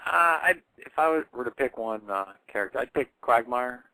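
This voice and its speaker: A man joining a casual radio chat as a guest, who speaks in a hesitant, halting way. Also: medium pitch, expressive, vocal fry, sharp tone, dry recording, rough recording.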